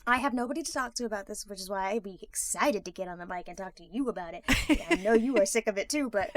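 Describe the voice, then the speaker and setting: A woman co-hosting a podcast, telling stories in an animated, casual way with frequent swearing. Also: medium pitch, fast talker, a crowd in the background. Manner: animated storytelling with frequent profanity and laughter. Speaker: podcast co-host. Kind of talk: casual chat.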